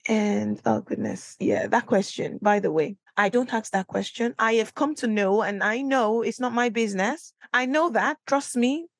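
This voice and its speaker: A young adult woman hosting a solo podcast, chatting and telling a personal story in a lively way. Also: mid-range voice, dry recording. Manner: chatty storytelling, animated when quoting herself. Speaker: podcast host. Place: small room, recording alone.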